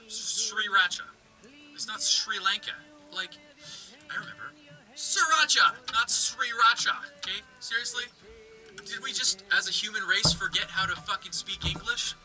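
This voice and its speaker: High, lively, swearing ranter from Canada. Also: male voice, low-quality recording. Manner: exasperated, sweary, incredulous ranting. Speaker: vlogger. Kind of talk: ranting comedic vlog.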